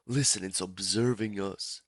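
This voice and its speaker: A man voicing his stoned, paranoid young friend, speaking in a slow dazed drawl. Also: sits low, steady tone, breathy edge, dry recording, clean studio sound, full character voice.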